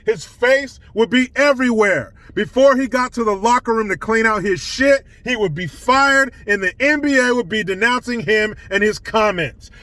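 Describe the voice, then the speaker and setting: A man's voice: very high voice, a bit bright, no echo. A man hosting his own commentary channel, ranting bluntly and scornfully with plenty of profanity. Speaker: political commentary channel host.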